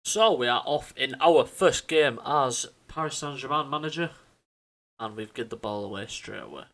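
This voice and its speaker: A man's voice: mid-range voice, normal speed, a bit bright. Chatty man commentating gameplay. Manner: chatty, self-correcting, stumbles over names. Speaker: gaming YouTuber.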